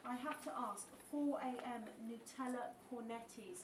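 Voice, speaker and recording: A woman's voice: a little high, normal speed. A woman in the audience asking an eager, enthusiastic question. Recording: distant, roomy mic with faint ambience.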